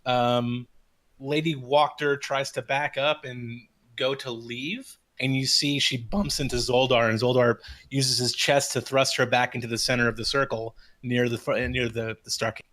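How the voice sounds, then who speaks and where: A man's voice: mid-range voice, steady tone, measured pace, fairly bright tone. A man with a mid-range voice narrates as game master of a tabletop game. He talks casually and loosely, often restarting his sentences. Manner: casual, many fillers and restarts.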